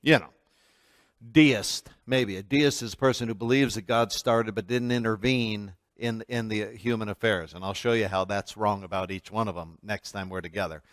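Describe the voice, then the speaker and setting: A man teaching a church history class, telling a story in an animated, emphatic way with frequent restarts. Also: on the low side, normal speed, no echo, clean studio sound. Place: church meeting room.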